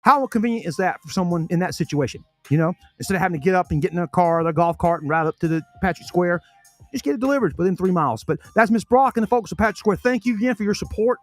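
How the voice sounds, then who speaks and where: A man with a notably high voice hosts a podcast, rattling off sponsor plugs in a folksy, self-correcting patter. He chews food while he talks. Faint music plays under his voice. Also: animated, fast talker, no echo. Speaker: podcast host reading sponsor spots. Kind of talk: casual sponsor talk on a podcast.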